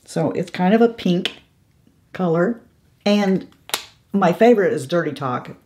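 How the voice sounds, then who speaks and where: A woman's voice: on the low side, lively intonation, a little slow, a little hiss or hum. A woman hosting a casual makeup review vlog, chatty and enthusiastic as she talks straight to her viewers. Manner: chatty, warm-hearted and enthusiastic, addressing viewers directly. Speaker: beauty vlogger host.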